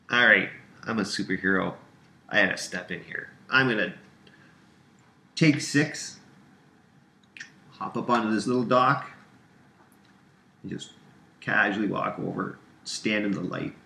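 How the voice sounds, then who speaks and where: A man playing a tabletop game, relaxed and thinking aloud about his moves. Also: fairly low pitch, measured pace, vocal fry, pauses often. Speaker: player. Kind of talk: casual tabletop play. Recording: echoey room with faint hiss.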